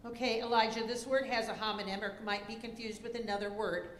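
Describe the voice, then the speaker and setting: A woman serving as a spelling bee pronouncer, reading words and definitions deliberately, spelling letters out slowly, and giving stage directions to contestants. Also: fairly high pitch, steady tone. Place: school auditorium. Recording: echoey auditorium with faint noise.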